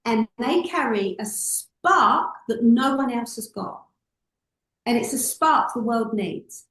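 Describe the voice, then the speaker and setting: A woman's voice: a little high, takes it slowly, roomy sound, rough recording. A woman, a public speaking coach, telling stories expressively as an interview guest. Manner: expressive, acts out voices in anecdotes.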